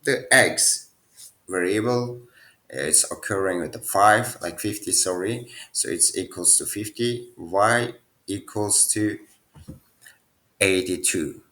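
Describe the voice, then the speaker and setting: Slow, low-voiced man teaching code. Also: sharp tone. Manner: non-native phrasing, talks through answers aloud. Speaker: programming teacher. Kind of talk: casual screen-share tutorial.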